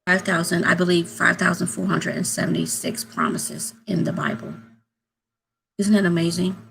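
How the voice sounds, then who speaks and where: A woman's voice: fairly low pitch, fairly even intonation, normal speed, gravelly, a bit bright, rough recording. A woman vlogging casually to her subscribers, rambling and hesitant, often repeating herself. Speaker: YouTube vlogger.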